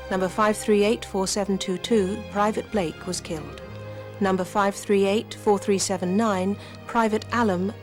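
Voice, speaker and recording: A woman reading scripted documentary narration in a measured, even way. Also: mid-range voice.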